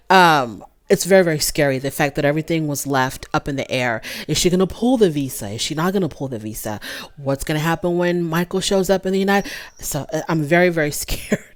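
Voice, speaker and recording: Female host, low-pitched, chatty gossip recap to camera. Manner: animated, gossipy, talks straight to viewers. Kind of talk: casual chat review.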